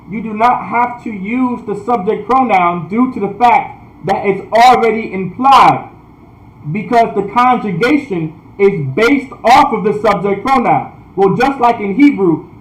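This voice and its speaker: A man teaching a language class online, repeating points, often asking "all right?", and sounding out words slowly. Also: high voice, reverberant, poor audio. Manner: repetitive, checks in with "all right?"; restarts sentences often. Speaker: priest.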